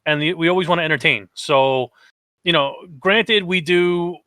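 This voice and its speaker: Man, podcast co-host, bright tense voice, dry close sound, animated storytelling. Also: fairly high pitch, normal speed, dry recording. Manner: animated storytelling, acts out quotes. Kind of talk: casual podcast chat.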